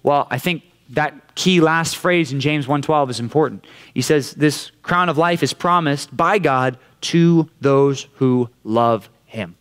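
A man preaching a sermon to a youth group, telling a story with lively acted-out quotes. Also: on the high side, unhurried, clean tone. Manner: animated storyteller, acts out quotes in a raised voice. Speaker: youth pastor. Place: church youth room.

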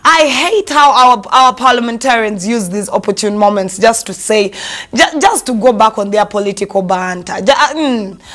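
A young Ugandan woman hosting an entertainment gossip show, sassy and animated, slipping Luganda phrases into her English. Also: a little high, moderate pace. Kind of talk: casual gossip commentary.

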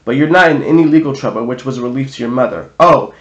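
A man voicing a calm, wise old male centaur teacher who speaks in a measured, dry way. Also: mid-range voice, highs cut off, close to an everyday voice. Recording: roomy echo.

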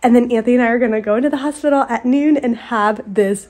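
A woman in her thirties chatting excitedly to viewers in a casual vlog. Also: a little high, fast. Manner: bubbly, excited, talks straight to viewers. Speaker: vlogger. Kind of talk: casual vlog chat to camera.

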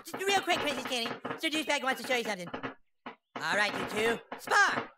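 A man's voice: very high voice, very animated, a little fast. A man voicing a bossy, pompous boy who plays a grand wizard, with a crude and commanding manner, in video game voice acting. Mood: dramatic. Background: game music.

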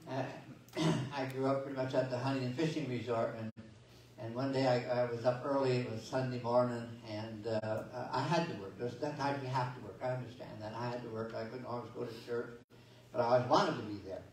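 A man's voice: mid-range voice, steady tone, fairly quick, darkish tone. A man preaching a sermon as pastor, folksy and conversational, telling stories and reading scripture with many restarts and asides. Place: church sanctuary. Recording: echoey church sanctuary from far off.

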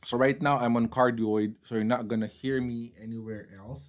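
A man's voice: medium pitch, steady tone, normal speed. A man casually reviewing microphones at his desk, chatty and mixing in phrases as he talks at varying distances from the mics. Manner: chatty, code-switching between English and Filipino phrases. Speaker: tech reviewer. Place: home desk setup. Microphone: condenser mics on desk at varying distance.

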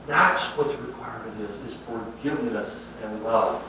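A man preaching a sermon in a conversational and emphatic way, often swinging between quiet asides and loud stresses. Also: normal speed, few pauses, distant mic, background noise. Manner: conversational and emphatic, with lively swings of pitch and loudness. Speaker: pastor. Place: church sanctuary. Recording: very echoey hall from afar.

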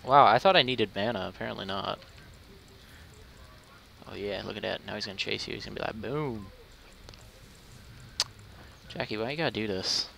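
Gravelly, bright-voiced young man gaming. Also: on the low side, normal speed, pauses often, slight background noise. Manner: joking, teasing, loud mock whining. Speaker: gamer recording a match. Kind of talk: casual gameplay chat.

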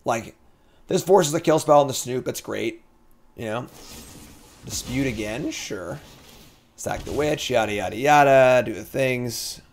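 A man streaming a card game, thinking aloud through his plays and breaking into excited outbursts as he talks to chat. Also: mid-range voice, unhurried, pauses often. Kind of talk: casual gameplay commentary.

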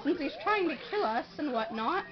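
A young woman playing a jumpy sidekick brother during a game, shrieking and chattering excitedly. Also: sits high, normal speed, over loud music. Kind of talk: goofy game commentary in character. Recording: dull lo-fi audio.

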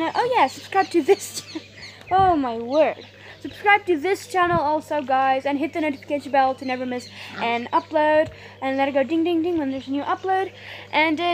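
A woman from Africa, vlogging in a casual, rambling way outdoors in a garden and cooing at her dogs. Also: sits high. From South Africa. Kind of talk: casual vlog chat.

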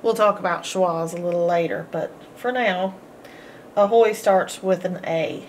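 A woman teaching a homeschool phonics lesson, sounding out each word slowly and repeating every sound, with encouraging praise. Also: fairly low pitch, slight background noise. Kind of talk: slow, drawn-out phonics lesson.

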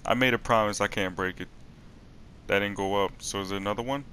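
A young man doing let's play commentary on a horror game, excitable and profane, talking to his viewers and yelping when startled. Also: on the low side, brisk, noisy background. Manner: talks to the viewers. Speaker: gaming streamer.

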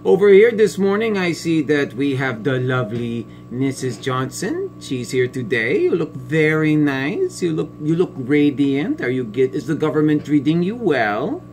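A man playing a smug, biased female family court judge in a satirical sketch, talking in a pompous, condescending way with drawn-out sneering pauses. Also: fairly high pitch, very animated, a little mellow, soft background music. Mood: fawning smug. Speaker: comedic sketch performer.

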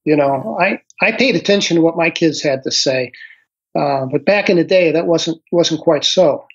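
A man in his sixties, a guest author recounting a personal experience slowly and thoughtfully, pausing often with ums and uhs. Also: a little high, breathy edge. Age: 60s. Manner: slow, reflective storytelling with frequent pauses and fillers. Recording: dull lo-fi audio.

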